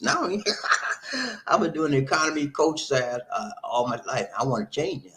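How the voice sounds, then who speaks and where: Lively, animated man chatting to viewers. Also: on the high side, normal speed. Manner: animated, laughs often, reads comments aloud and replies. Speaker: livestream host reading viewer comments. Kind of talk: casual livestream chat.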